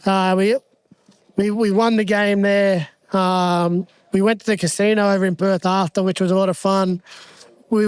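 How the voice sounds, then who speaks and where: A man with a high, smooth voice recorded dry and close. He tells a relaxed story at a live pub show, stumbling over repeated words and chuckling at the funny parts. The delivery is easygoing and conversational. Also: no room sound. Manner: repeats words as he warms up, chuckles at his punchlines. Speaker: guest, former rugby league player.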